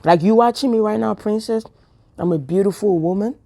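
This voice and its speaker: A woman's voice: mid-range voice, fairly quick, warm tone. A woman giving a casual spiritual talk to camera, telling chatty stories with laughs and whispered asides. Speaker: spiritual vlogger.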